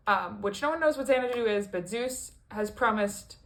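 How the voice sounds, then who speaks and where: A woman vlogger rambles through a casual review at a middling pitch. She fills her talk with ums and likes, restarts her sentences and drops amused asides along the way. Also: unhurried. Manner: rambling and chatty, with frequent fillers and self-corrections. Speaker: video creator. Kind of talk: casual musical review vlog.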